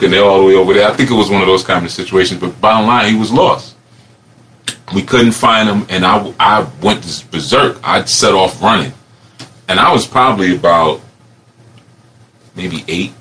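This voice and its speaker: Low-voiced man telling a rambling story. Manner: rambling, animated, laughs often. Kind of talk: reflective personal storytelling.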